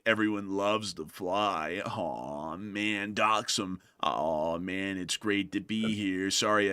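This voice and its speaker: A man's voice: deep voice, bright, forceful tone, clean tone, dry recording, voice pushed down, exaggerated voice. A man voicing a whiny, lazy male fly character who groans and drawls every line.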